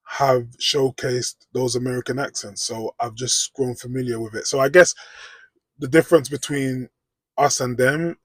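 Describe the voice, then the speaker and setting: A British man talks to camera in a loose, rambling way. He keeps asking "do you know what I mean". His voice is slightly husky, mid-pitched, and recorded close and dry. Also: fairly even intonation, moderate pace, a bit bright, no room sound. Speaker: vlogger. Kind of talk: casual reaction commentary.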